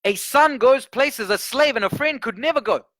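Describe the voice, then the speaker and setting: A male preacher with a high, bright, ringing voice tells a story in an animated way and acts out the voices in it. He builds to emphatic points, and the dry, close sound has almost no room echo. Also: normal speed. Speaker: guest preacher. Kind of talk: sermon with storytelling.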